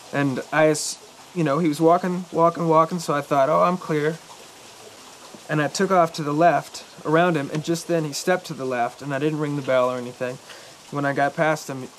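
A young man in a film telling a rambling anecdote to a friend, halting and correcting himself as he goes. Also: on the high side, a little hiss or hum, lightly acted, rough recording. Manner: halting, hesitant, self-correcting.

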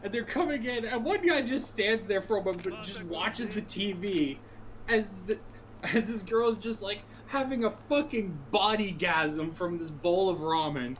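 A mid-pitched voice chats casually alongside a game being played. The humor is crude and teasing, full of offhand stories and jabs. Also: normal speed. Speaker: co-commentator friend. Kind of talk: casual gaming chat.

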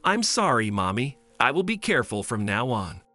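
A man's voice: mid-range voice, sing-song, normal speed, pushed and bright, no room sound, soft background music. A man voicing a sweet, sad little girl who talks in an earnest, pleading way.

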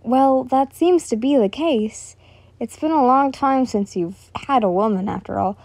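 Woman voicing a calm young knight. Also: high voice, unhurried, no room sound. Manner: calm, level-headed.

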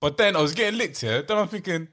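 A man's voice: high-pitched, expressive, quick pace, bright, forceful tone. A man, co-hosting a podcast and telling stories in casual, slang-filled chat. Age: 20s. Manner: slangy, laughing storyteller. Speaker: podcast co-host.

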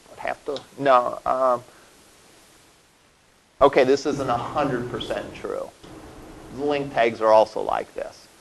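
A man's voice: mid-range voice, a bit bright, a little hiss or hum, poor audio. A male college instructor giving a classroom lecture, explaining step by step and often checking in with "all right?". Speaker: college web development instructor.

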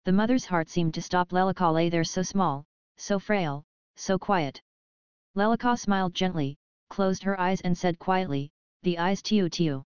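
A woman reading an audiobook aloud in a measured, unhurried narration style. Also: on the low side, smooth, no echo.

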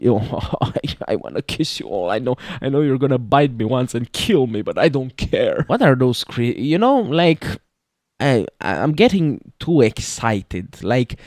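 A man in the middle of his range narrates a game he adores, gasping, laughing and gushing as he plays. His voice swings from loud bursts to near-whispers. The sound is dry and close, with no room around it. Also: medium pitch, dry recording. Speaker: gaming youtuber. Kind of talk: excited let's-play commentary.

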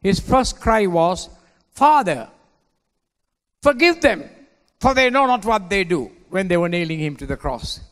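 A man preaching a sermon as a pastor, swinging between hushed lines and shouted ones. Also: high voice, big pitch swings, unhurried, long pauses. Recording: long hall reverb.

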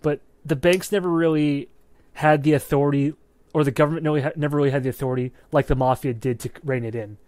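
A man's voice: fairly high pitch, quick pace, no echo. A man co-hosting a movie podcast, talking casually and with plenty of swearing, often checking in with "right?". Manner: animated, profane, keeps checking in with "right?". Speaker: podcast co-host. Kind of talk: casual movie review chat.

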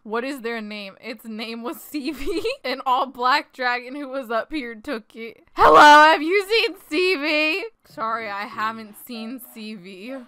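A young woman giving casual, excitable gameplay commentary, often breaking into shrieks and laughter. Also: a little high, measured pace, few pauses, no room sound, clean studio sound. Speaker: gaming YouTuber.

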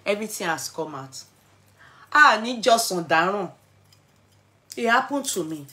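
A middle-aged Nigerian-accented woman vlogs a personal story to camera, dramatic and animated, switching between English, pidgin, and Yoruba. Her voice is mid-range and her pace a little slow.

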